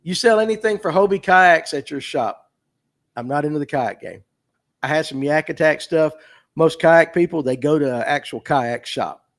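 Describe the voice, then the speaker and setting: A man in his fifties with a thick North Georgia drawl and a somewhat high-set voice hosts a casual fishing livestream. He talks in a folksy, chatty way and answers viewer questions as they come in. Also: lively intonation, moderate pace. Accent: North Georgia Southern drawl. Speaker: fishing show host. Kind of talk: casual livestream talk reading viewer comments.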